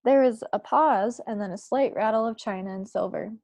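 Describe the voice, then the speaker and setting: A woman's voice: on the high side, normal speed, a little mellow, no room sound. Woman reading a storybook aloud. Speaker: book club reader. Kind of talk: reading a children's novel aloud.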